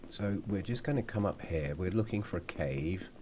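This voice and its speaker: A man's voice: low voice, expressive, moderate pace, background noise. A man giving chatty, casual commentary over his own gameplay, at times apologising and humming to himself.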